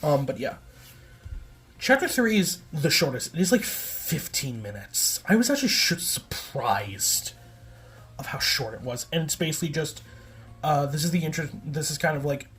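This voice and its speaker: A video essayist with a slightly high, sing-song, fairly bright voice gives a casual recap at normal speed. He rambles, often correcting himself and filling gaps with "like" and "um."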